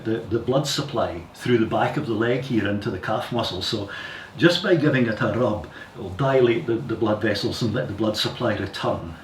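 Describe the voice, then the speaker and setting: A man teaching yoga, giving calm, careful step-by-step guidance with repeated warnings to go slowly. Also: medium pitch. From Scotland. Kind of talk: guided yoga instruction. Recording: echoey room, distant mic, faint hiss.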